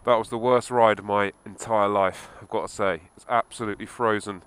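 A man's voice: lowish voice, fairly even intonation, fairly quick, a bit bright, clean tone, rough recording. A man recording a casual video diary while riding a motorbike through snow, giving a running commentary full of swearing and exasperation. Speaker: motorcycle vlogger.

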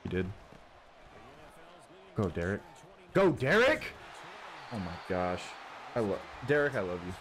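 A man hosting his gaming channel, giving casual running commentary on his own football video game and cheering loudly at big plays. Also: deep voice, steady tone, normal speed, long pauses. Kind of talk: live gameplay commentary. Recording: audible background noise.

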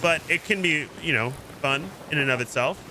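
A man streaming a pirate game, chatting casually and coaching another player with jokey excitement. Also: on the high side, normal speed, a little hiss or hum, low-quality recording. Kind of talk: casual gameplay chat.

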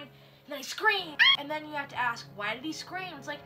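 A young woman giving a sarcastic, animated comedic commentary on a book of stories, with mock outrage. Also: high-pitched, fairly quick. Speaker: book reviewer. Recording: faint music underneath.

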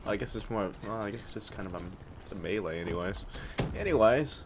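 A man's voice: on the low side, quick pace, background noise. A man giving casual, jokey commentary while playing a game, swapping swear words for mild substitutes. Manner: jokey, swaps swears for minced oaths. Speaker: gameplay commentator. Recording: loud game gunfire behind voice. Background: shooter game gunfire.

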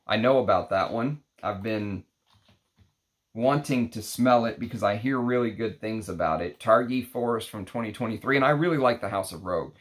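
A man with a fairly low voice talks through an unboxing in a relaxed, rambling way. He thinks aloud as he goes, like a fragrance reviewer chatting to his viewers. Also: moderate pace. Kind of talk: casual unboxing chat.

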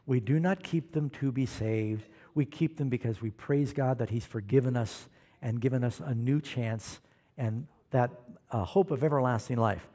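A man preaching a sermon, animated and questioning the congregation, calling for amens. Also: mid-range voice, normal speed. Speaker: pastor.

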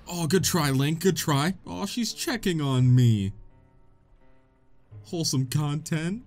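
A young man giving excitable, joking commentary while playing a video game, often laughing and swearing. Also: fairly high pitch, takes it slowly, pauses often, soft background music. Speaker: gaming video host. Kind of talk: let's play commentary.

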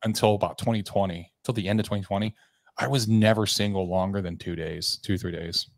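A man's voice: lowish voice, fairly even intonation, a little fast, vocal fry, no room sound, studio quality. A man from Tennessee, a podcast guest, telling a candid personal story in a rambling way, with fillers and restarts, acting out the lines of the people in it.

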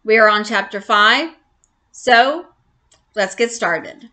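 A woman reading a children's mystery book aloud as a storyteller, gentle and unhurried, lifting her voice for the characters. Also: mid-range voice.

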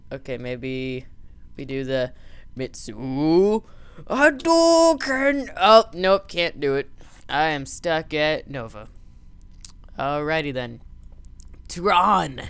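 A man's voice: fairly high pitch, a bit bright, clean tone, no echo. A man giving goofy, joking commentary over a game he plays as host. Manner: goofy, joking, mock voices. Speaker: let's play host. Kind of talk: gaming commentary.

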